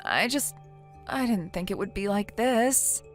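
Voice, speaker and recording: A woman's voice: mid-range voice, animated, unhurried, faint music behind, natural voice. A synthetic woman's voice playing a naive, self-pitying young wife who pleads and hesitates in a text-message story. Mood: pleading. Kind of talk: text-to-speech text story narration.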